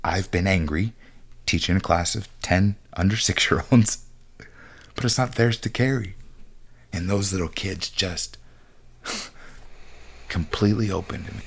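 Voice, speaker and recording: A man's voice: sits low, measured pace, pauses often, slightly rough. A man talking candidly as a coach on a podcast, intense and blunt, swearing freely. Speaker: high-performance coach.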